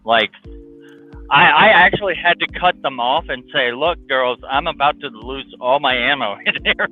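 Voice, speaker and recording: A man speaks over a thin, phone-like line in a casual chat. He tells animated stories with frequent restarts and fillers. Faint music plays underneath. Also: moderate pace. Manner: animated storyteller, imitates his daughters in a high voice. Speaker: guest, father of two.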